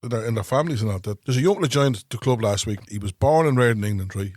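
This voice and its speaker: A male podcast host tells stories and slags his friends in casual chat. His voice sits at a middling pitch and is recorded close and dry. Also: lively intonation, fast talker, darkish tone, no room sound. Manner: storytelling, laughing and slagging.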